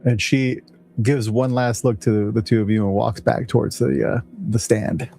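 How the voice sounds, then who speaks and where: Mellow-voiced man running a tabletop game. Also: mid-range voice, fairly even intonation, normal speed, creaky, faint music behind. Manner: laughs often, hesitant restarts. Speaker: game master.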